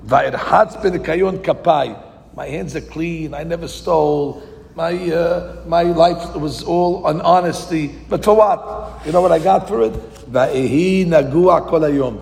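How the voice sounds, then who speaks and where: Man, Torah teacher, gravelly voice, fairly high pitch, reads verses slowly then explains, rhetorical questions. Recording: long hall reverb.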